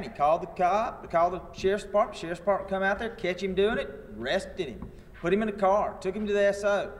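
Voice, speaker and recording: A man, a lawyer teaching a training seminar in a wry, anecdotal way. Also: high voice. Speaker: attorney and workshop instructor. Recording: long hall reverb.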